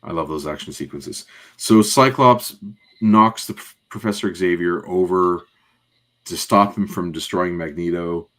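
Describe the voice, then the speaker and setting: Guy with a really deep voice chatting on a podcast, rambly, lots of ums. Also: a little slow, a bit bright. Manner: detailed, rambling recap with many fillers. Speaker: podcast co-host. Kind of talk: casual podcast chat recapping a cartoon.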